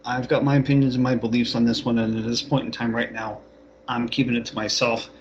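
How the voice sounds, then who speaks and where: A man's voice: mid-range voice, flat delivery, quick pace. A man speaking bluntly and swearing in casual chat on an online call. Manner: blunt, swearing, hesitant opinions. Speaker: participant in an online hangout. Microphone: online call mic. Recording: dull call audio with faint hiss.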